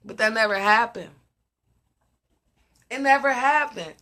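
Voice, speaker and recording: Emphatic woman with a bright, ringing voice. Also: fairly high pitch, unhurried. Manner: emphatic, repeats questions. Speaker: host of a live discussion. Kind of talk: casual live-stream talk.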